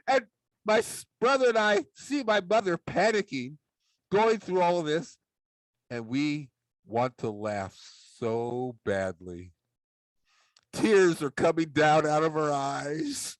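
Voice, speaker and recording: A man telling a humorous personal story as a public speaker, animated and acting out the voices of the people in it. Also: high voice, takes it slowly, no room sound, poor audio. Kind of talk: storytelling speech.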